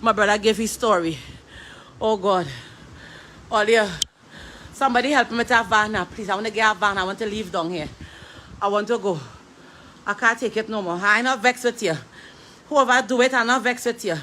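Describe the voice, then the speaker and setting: A woman's voice: mid-range voice, normal speed, long pauses, pushed and bright, a little hiss or hum. A grieving woman with a Trinidadian accent, crying and pleading over and over in a distraught street appeal. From Trinidad and Tobago. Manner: pleading, repetitive, breaking between laughter and tears. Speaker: grieving sister.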